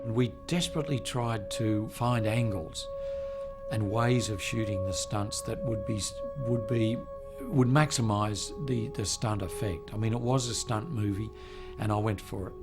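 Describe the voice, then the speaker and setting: A man's voice: on the low side, unhurried. A man, a filmmaker in a documentary interview, speaking earnestly about how the stunts were shot. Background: loud music.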